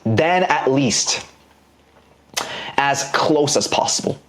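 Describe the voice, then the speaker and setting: A man's voice: mid-range voice, animated, takes it slowly, fairly bright tone. A man teaching an online business course in a casual, slangy lecture style, explaining ideas by drawing examples on a board.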